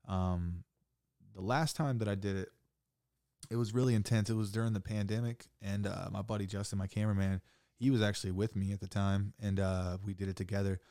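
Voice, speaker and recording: A young man telling a wild story in casual chat, saying "like" a lot and swearing freely, getting animated. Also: lowish voice, fairly quick, no room sound, clean studio sound. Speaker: podcast guest.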